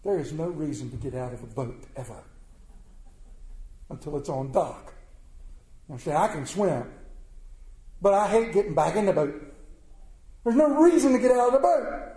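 A middle-aged man preaches a sermon in a folksy, plainspoken way, firing questions at the congregation. His voice sits high for a man yet sounds dark and mellow. The room echoes around him. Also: expressive, moderate pace, long pauses.

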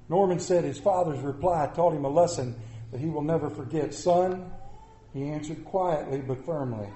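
A male pastor delivers a folksy, animated sermon, mixing humor with earnest warnings. His voice sits high for a man. The sound rings around a roomy, echoing church. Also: moderate pace. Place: church sanctuary. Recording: echoey church room.

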